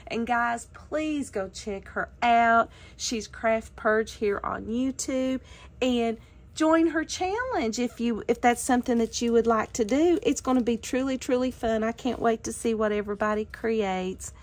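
A woman with a high voice talks slowly and warmly to her viewers as a craft vlogger. She gushes over each handmade piece and repeats her thanks again and again. Her speech rises and falls with delight. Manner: gushing, effusive thanks. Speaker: craft YouTuber. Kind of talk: casual unboxing vlog.

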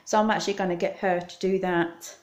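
A woman's voice: on the low side, fairly even intonation, brisk, darkish tone. A middle-aged woman with a Scottish accent, chatting casually and rambling to camera, laughing often. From Scotland. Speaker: vlogger.

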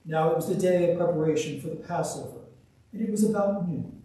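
A man giving a measured, solemn liturgical scripture reading as the church's reader. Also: a little high, warm tone. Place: church sanctuary. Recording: echoey church, distant mic.

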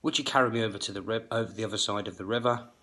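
A man voicing a sly, scheming scorpion in a fable he is telling, speaking quickly and matter-of-factly. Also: on the low side, steady tone, pushed and bright, slightly rough. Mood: persuasive.

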